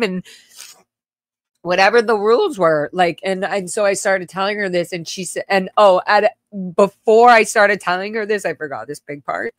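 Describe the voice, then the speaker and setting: A woman hosting a livestream, telling her own childhood story in a halting, emotional way with blunt swearing and many restarts. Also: mid-range voice, dry recording, studio quality. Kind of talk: casual personal storytelling.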